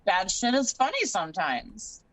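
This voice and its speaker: A woman's voice: medium pitch, wildly swooping pitch, measured pace, a bit bright. A woman hosting a podcast in casual chat, laughing often and swearing freely. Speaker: podcast host.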